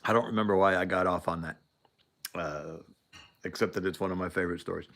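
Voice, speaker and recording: A man's voice: low-pitched, fairly even intonation, fast, fairly bright tone. A man hosting a show, telling a story casually, rambling with frequent laughs and restarts. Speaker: show host.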